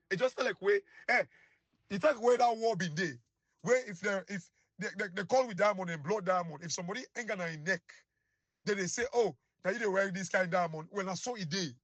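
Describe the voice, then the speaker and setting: A man's voice: high voice, fairly bright tone, slightly rough, no room sound. A man with a Sierra Leonean Krio accent giving heated, scornful political commentary that repeats itself. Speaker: online commentator.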